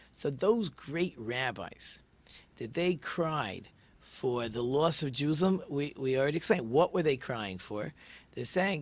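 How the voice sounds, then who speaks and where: A man's voice: mid-range voice, animated, a little slow. A man, a rabbi who hosts a short talk show, teaching in an earnest, casual way and often restarting his words. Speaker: rabbi and podcast host.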